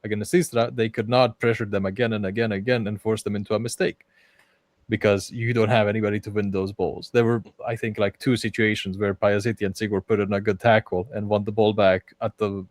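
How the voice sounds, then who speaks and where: A man hosting a casual football podcast, talking in an animated way and often restarting his sentences. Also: on the low side, a little fast, no echo. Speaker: podcast host.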